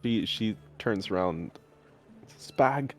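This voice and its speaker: Deep voiced guy running a tabletop game, rambly, lots of ums. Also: fairly even intonation, moderate pace, faint music behind. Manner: rambling, full of fillers. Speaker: game master.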